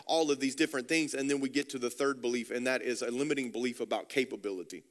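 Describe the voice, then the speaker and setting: A man's voice: mid-range voice, fast talker, hardly any pauses, big-room sound. A man preaching a sermon as a pastor, passionate and repeating words as he builds his points.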